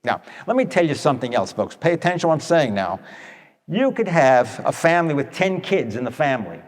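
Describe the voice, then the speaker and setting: In a big-sounding room, a man with a fairly high, brisk voice and wide pitch swings tells folksy stories. A radio advice speaker, he keeps it conversational, speaks to his listeners directly, and dramatizes quotes.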